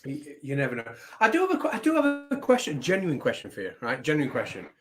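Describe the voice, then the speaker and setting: A man, a guest on a casual video call, asking quick halting questions. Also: medium pitch, wildly swooping pitch. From England.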